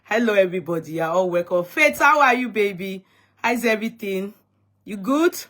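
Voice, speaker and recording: A woman's voice: medium pitch, lively intonation, moderate pace, a bit bright. A Nigerian woman hosting a casual livestream, chatty and teasing, greeting viewers by name and switching into Yoruba and Pidgin. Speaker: livestream host.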